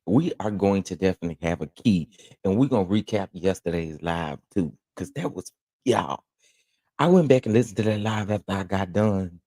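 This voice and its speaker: A man from Texas with a Southern accent, hosting a casual morning livestream, chatting and reading viewer comments with lively, laughing exclamations. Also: moderate pace, dry recording, studio quality. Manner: animated, laughing, jumps into high exclamations. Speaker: livestream host.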